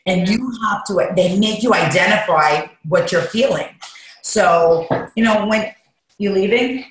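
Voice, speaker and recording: A woman's voice: mid-range voice, measured pace. A woman guest talking candidly and emotionally, rambling as she shares her feelings in an interview. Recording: echoey room.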